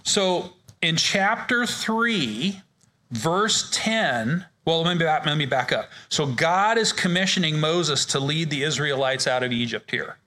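A man's voice: on the high side, pushed and bright. A man leading a men's ministry Bible study in a casual, joking way, often restarting his sentences. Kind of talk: informal Bible study teaching.

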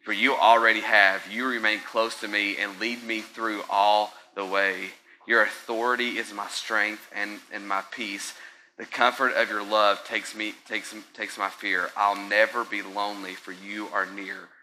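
A pastor delivers a conversational sermon, frequently checking in with his congregation as he moves between quiet, unhurried stretches and loud, excited bursts. His voice sits on the low side, and the low-quality recording carries a faint hiss or hum.

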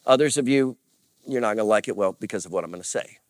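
A man's voice: lowish voice, fast talker, dry recording. A man preaching as a pastor, earnest and confessional, with repeated phrases and rising bursts of emphasis. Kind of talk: sermon.

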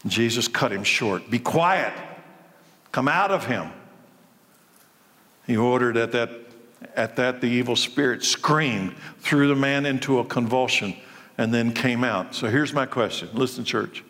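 A man's voice: mid-range voice, moderate pace, fairly bright tone, big-room sound. A man preaching a sermon as pastor, speaking emphatically and repeating his key phrases for weight.

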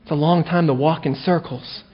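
A male pastor preaching a sermon with animated delivery and playful asides, on a dull lo-fi recording. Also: on the high side, normal speed, slightly rough.

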